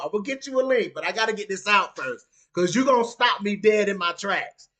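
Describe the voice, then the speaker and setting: A man on a live stream with a high, bright, ringing voice. He talks casually and animatedly to his viewers. He drops into low asides and then jumps up into loud outbursts. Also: sing-song, a little fast, few pauses. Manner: leans on "you know what I'm saying" as a constant filler. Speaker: streamer reading live chat. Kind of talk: casual talk on a live stream about mixed martial arts.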